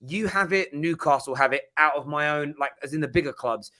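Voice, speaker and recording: Young english guy, bright sharp voice, talks fast and lively, keeps restarting mid-sentence. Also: on the high side. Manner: animated, quick-talking, lots of restarts. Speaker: podcast guest, rival club fan. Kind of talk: casual chat.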